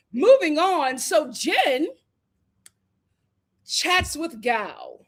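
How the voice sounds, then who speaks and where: Lively high-voiced woman recapping. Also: takes it slowly. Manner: animated, sassy, sings and riffs. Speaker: show recap host. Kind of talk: casual reality show recap.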